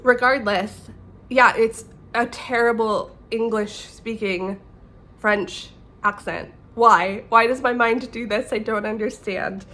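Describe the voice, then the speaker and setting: A woman's voice: on the high side, steady tone, slow pace, sharp tone. A young woman from Canada hosting a knitting podcast in casual chat, chatty and self-deprecating, laughing often.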